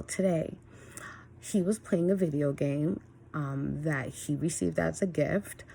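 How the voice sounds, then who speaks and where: Woman vlogger, low and husky, blunt and candid, casual monologue. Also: dark tone. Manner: candid, blunt, swears freely. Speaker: single parent vlogger.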